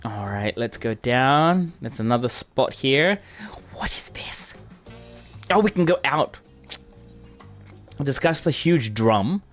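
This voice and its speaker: A man playing through a game and commenting casually, with excitable, gushing exclamations. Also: medium pitch, takes it slowly, long pauses. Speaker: gamer streamer. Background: game music.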